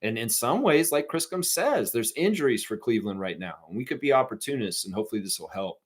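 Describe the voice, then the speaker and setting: A man's voice: medium pitch, lively intonation, fast talker. A middle-aged man hosting a live fan stream, ranting profanely and reading out chat messages.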